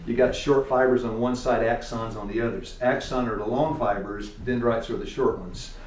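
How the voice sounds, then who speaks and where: A man's voice: medium pitch, steady tone, moderate pace, slight background noise. A man with a Tennessee accent teaching a church class, quizzing his students in a folksy way and chuckling often. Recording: echoey room, distant mic.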